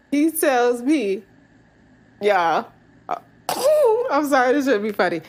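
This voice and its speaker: Her voice is high and sing-song with a darkish tone, words drawn out and pauses frequent. The podcast host, in her thirties, recounts a personal story openly, swearing a lot and laughing often.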